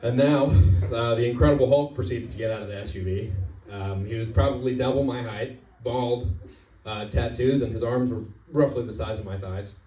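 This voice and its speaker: A young man telling a stand-up story at an open mic, in a halting deadpan delivery full of "uh" pauses, on a comedy club stage. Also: mid-range voice. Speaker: stand-up comic. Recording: roomy club sound from far off.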